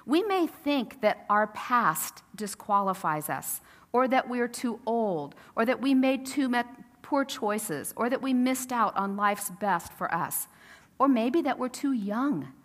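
A woman's voice: a little high, animated, slow pace. A woman pastor preaching a sermon in a casual, storytelling way, acting out the quotes. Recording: long reverb of a church sanctuary.

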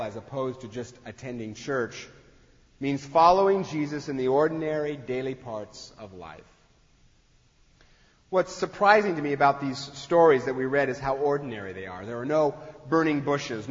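A man preaching a sermon in a conversational way, acting out the voices he quotes. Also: medium pitch. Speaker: pastor. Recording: dull sound in a long-echo hall.

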